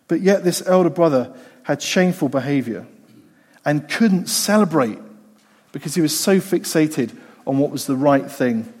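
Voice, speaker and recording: A man's voice: on the high side, expressive, moderate pace, darkish tone. A man preaching a sermon in a conversational way, repeating phrases for emphasis. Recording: long hall reverb.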